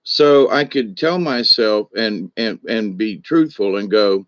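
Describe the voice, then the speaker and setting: Slow, dry-voiced man in his sixties. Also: on the low side, lively intonation, a bit bright, no echo. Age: 60s. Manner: slow, thoughtful, with frequent restarts and asides. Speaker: spiritual teacher. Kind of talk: reflective spoken monologue.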